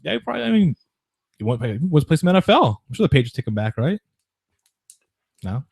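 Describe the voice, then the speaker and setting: Fast-talking male sports podcast host. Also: a little high, sing-song, vocal fry, darkish tone, slightly rough, no echo, studio quality. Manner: rapid, rambling, with frequent restarts and mocking quoted voices. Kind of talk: casual chat about sports news.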